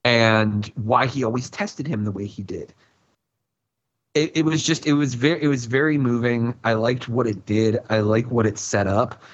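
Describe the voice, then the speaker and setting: A man talks casually on a podcast panel, and his voice is husky. The sound is a bit dull and lo-fi. He rambles with animation and plays out his own reactions as he goes. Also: medium pitch, moderate pace.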